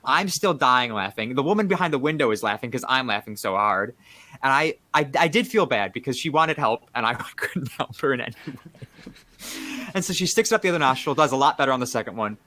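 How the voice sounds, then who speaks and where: Bright-voiced young man telling a story. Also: mid-range voice, expressive, brisk. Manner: rambling, laughs at own story, lots of filler "like". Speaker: podcast co-host. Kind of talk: casual storytelling chat.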